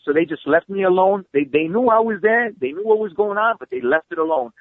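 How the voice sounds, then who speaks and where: A man guest telling stories in a casual interview, excitable and swearing freely, heard over a phone call. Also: sits high, dry recording. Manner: fast, excitable storyteller who swears freely. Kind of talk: animated storytelling, casual interview. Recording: tinny phone line.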